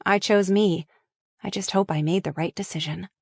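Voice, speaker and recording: A woman voicing a young woman's soft, reflective inner voiceover, while reading a screenplay aloud. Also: mid-range voice, fairly even intonation, moderate pace, vocal fry, no echo, studio quality.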